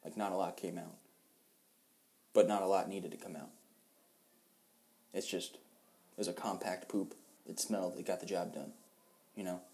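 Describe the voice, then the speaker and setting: A young man with a fairly low voice talking through a crude bathroom-humor bit. His delivery is slow and deadpan, and he lets each line hang. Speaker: podcast host.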